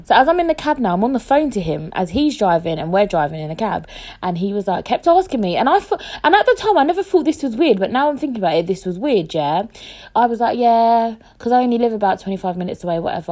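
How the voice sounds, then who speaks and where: Animated young woman telling a story. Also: mid-range voice. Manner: animated, swearing, mimics people in quotes. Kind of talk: casual storytime chat.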